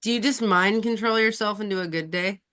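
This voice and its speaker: A woman's voice: medium pitch, a little fast, fairly bright tone, smooth. A woman hosting a casual group conversation, chatty, with lots of fillers. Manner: chatty, many fillers, laughs often. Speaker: host.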